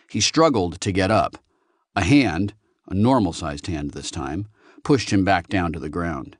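A man narrating an audiobook in a steady, even storytelling manner. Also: deep voice, measured pace, dry recording, clean studio sound. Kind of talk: scripted narration.

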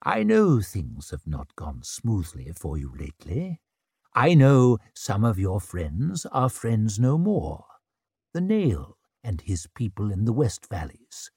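A cold, proud old wizard, talking slow and heavy with a husky grain, as a male narrator plays him. His lines land weighty and stern, close and dry. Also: lowish voice, huge pitch swings, a little mellow, no echo, full character voice.

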